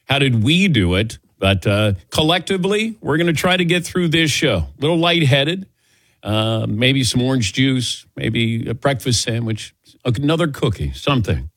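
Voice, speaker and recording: A man's voice: mid-range voice, animated, normal speed, a bit bright, no echo. A middle-aged man hosting a sports talk show, telling a self-mocking story in casual banter and acting out the voices he quotes. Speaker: sports radio host.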